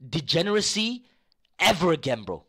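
Bright-voiced ranting young male streamer. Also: on the high side, big pitch swings, moderate pace. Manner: swears freely, swings between mutter and outbursts; repeats himself insistently. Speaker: live streamer. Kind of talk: casual rant to chat.

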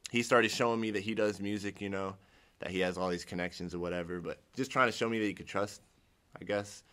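A fairly low, slightly bright voice with a steady tone belongs to a fast-talking young man from Ohio, United States. He gives his personal testimony in a casual, rambling way, restarting sentences and acting out what he once said.

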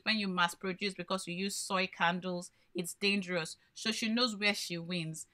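Woman, branding coach, live workshop, bright clear voice, asks questions then answers them. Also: lowish voice, steady tone, normal speed, few pauses.

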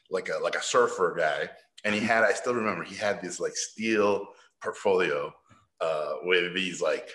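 A middle-aged man from Mexico telling stories at a talk, animated and laughing as he acts out the people he quotes. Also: low-pitched. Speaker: guest animator. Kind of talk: casual storytelling at a talk. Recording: roomy echo.

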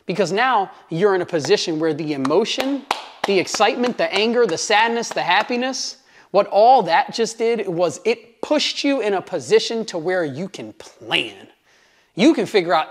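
A man's voice: sits high, very animated, normal speed. An American man, a real estate coach, giving an emphatic motivational monologue that repeats its key points.

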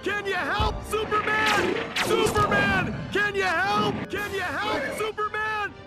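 A man's voice: very high voice, level tone, slow pace. A man voicing a whiny, panicky male scientist in a video game who begs over and over for help, with a nasal, whining voice. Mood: pleading. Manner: repeats the same pleading cries. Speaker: game character calling for rescue. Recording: game audio under loud music, distant.

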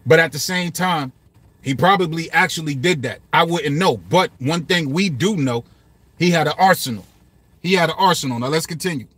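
A man's voice: a little high, moderate pace, a bit bright, breathy edge, no room sound. Casual man breaking down lyrics. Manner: loose and repetitive, swearing, quoting lines aloud. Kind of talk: casual commentary.

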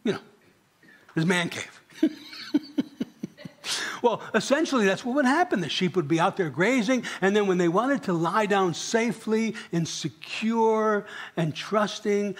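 Husky, high-voiced preacher man. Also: expressive, a little slow. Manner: conversational, asks the congregation questions. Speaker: pastor. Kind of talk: sermon. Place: church.

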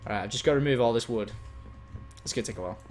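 A man chatting casually as he plays a game, explaining and getting excited as he goes. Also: mid-range voice, racing, over music. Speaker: gaming host. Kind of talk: casual chat while gaming.

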